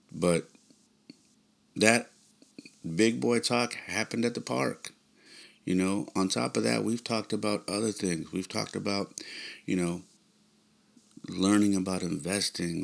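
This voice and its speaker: A middle-aged man talks through a personal memory on his podcast, pausing and restarting his sentences as he goes. His voice sits very low, with a gravelly, creaky edge, and the delivery feels thoughtful and unpolished. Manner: halting, with fillers and restarts. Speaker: podcast host. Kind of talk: reflective personal storytelling.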